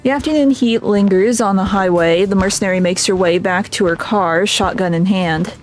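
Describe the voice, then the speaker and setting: A woman's voice: medium pitch, normal speed, soft background music. A woman streamer reading a game's story aloud, breaking off for chatty asides. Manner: narrating, with chatty asides and laughs.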